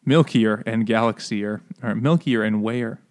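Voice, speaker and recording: A man's voice: on the low side, slow. Joking, profane podcast co-host man. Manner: joking, profane, laughs often. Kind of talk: casual chat over beers.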